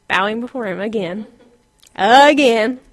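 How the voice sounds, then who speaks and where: A middle-aged woman teaching an informal Bible lesson, animated, laughing often and dropping to a whisper for emphasis. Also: a little high, takes it slowly, no echo.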